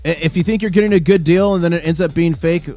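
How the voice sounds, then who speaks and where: A man with a fairly high voice runs a live market stream, rattling off prices in a hyped, auctioneer-like rush. Soft music plays faintly underneath him. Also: fast. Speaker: livestream host.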